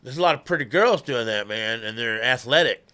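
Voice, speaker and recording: Texas guy telling stories, chatty and drawly, bright sharp voice, middle aged. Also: mid-range voice, animated, fairly quick, smooth. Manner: chatty, laughing, drawling storyteller. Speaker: guest musician. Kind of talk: casual storytelling.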